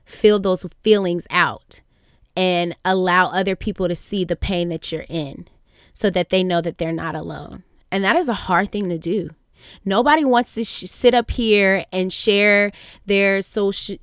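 A young woman hosting a faith podcast, speaking earnestly and haltingly with many fillers and restarts. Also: medium pitch, clear, resonant tone, dry recording, clean studio sound. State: near tears at times. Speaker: podcast host. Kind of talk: reflective faith podcast monologue.

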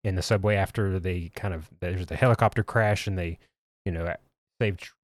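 Male podcast co-host, deep voice, laid-back hesitant delivery, dry studio. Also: fairly even intonation, moderate pace, no room sound. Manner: easygoing, hesitant with fillers. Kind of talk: casual chat.

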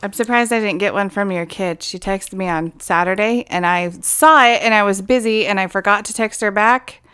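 Smooth-voiced woman in wry chat. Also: medium pitch, moderate pace, pushed and bright. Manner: wry, laughs often, swears casually. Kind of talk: casual chat.

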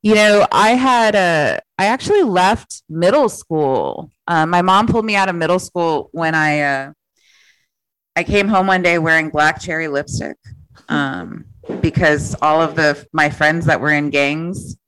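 A woman comedian in a casual interview, telling childhood stories in a chatty way, laughing often and quoting herself in lively put-on voices. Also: deep voice, a little slow, smooth, no room sound, low-quality recording. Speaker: comedian guest.

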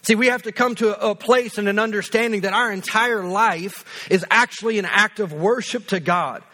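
A man's voice: sits high, moderate pace, sharp tone. A man in his thirties preaching a sermon as pastor, earnest and conversational, repeating phrases for emphasis.

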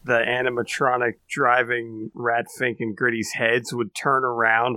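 A man's voice: medium pitch, flat delivery, sharp tone, no room sound. A man co-hosting a podcast, speaking casually with some hesitations. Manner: hesitant, halting. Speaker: podcast co-host.

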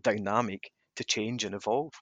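Lowish-voiced male host, brisk and bright, recorded dry. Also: fairly even intonation, no room sound. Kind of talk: casual chat.

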